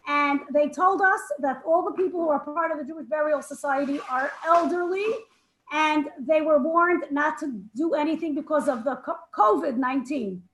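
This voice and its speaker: A woman telling a personal story at a women's gathering over a video call, emotional and halting, restarting her sentences. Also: high voice, a bit bright, roomy sound, low-quality recording. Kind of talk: heartfelt storytelling.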